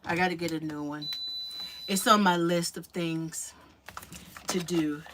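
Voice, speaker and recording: A woman's voice: fairly low pitch, steady tone, measured pace. A woman chatting casually to her viewers while making a drink in her home kitchen, a little out of breath. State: slightly out of breath. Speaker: vlogger. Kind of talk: casual livestream chat. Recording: noticeable background noise.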